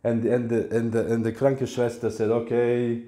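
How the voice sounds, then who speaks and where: A man's voice: medium pitch, flat delivery, moderate pace, warm tone. A man gives a lecture on scripture in a temple hall, telling stories playfully and acting out small voices. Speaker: spiritual teacher. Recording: echoey room.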